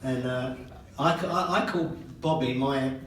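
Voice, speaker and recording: An older man with a medium-pitched voice takes his time over a father-of-the-bride speech. He mixes self-mocking jokes with laughter between lines, and the indoor reception hall makes the distant recording echoey and noisy.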